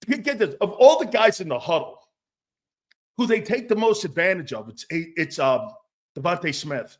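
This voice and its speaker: A man hosting a casual sports talk show, blunt and animated, swearing freely. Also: sits high, fairly quick.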